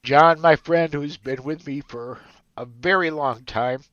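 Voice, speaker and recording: A male podcast host speaks in a smooth, clear voice, close and dry in the room, though the sound is a little dull. He is choked up and halting, dropping fillers as he thanks his team. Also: on the high side, a bit bright, no echo. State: choked up, emotional. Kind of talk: emotional farewell chat.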